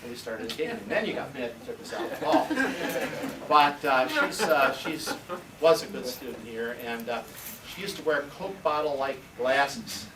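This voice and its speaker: A man's voice: medium pitch, lively intonation, normal speed, crowd noise. Older man telling stories in a roomy classroom. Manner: rambling anecdotal storyteller, acts out quoted voices. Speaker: retired history teacher. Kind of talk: storytelling on a school tour. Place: school classroom, indoors. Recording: roomy, distant, noisy camcorder sound.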